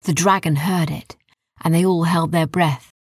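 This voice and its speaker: A woman with a low, gravelly voice reads a children's adventure story in a soft, hushed way. Her voice is a little husky and close to the mic in a dry room. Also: steady tone, moderate pace, no echo. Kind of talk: bedtime story narration.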